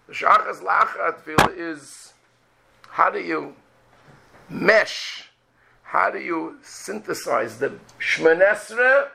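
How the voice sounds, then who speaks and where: A man's voice: high-pitched, vocal fry, pushed and bright, low-quality recording. A man, a rabbi, giving a religious lecture full of rhetorical questions and acted-out prayers.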